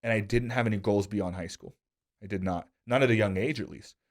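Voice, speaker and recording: A man's voice: lowish voice, brisk. A man in a casual podcast conversation, telling earnest, reflective stories about his own past.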